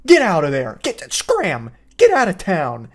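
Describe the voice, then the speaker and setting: A man mockingly voicing a stern woman shouting at a demon to leave a child's body. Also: high voice, wildly swooping pitch, measured pace, heavily acted. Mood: scolding. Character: shrill scolding woman casting out a demon.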